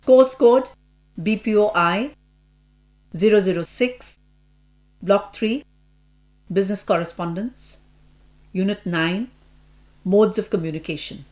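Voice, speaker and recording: A woman announces unit numbers and activity headings in a formal, crisp reading. Her delivery is plain and scripted, like a course announcer. A faint mains hum sits underneath. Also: medium pitch, takes it slowly, pauses often, a little mellow, faint music behind.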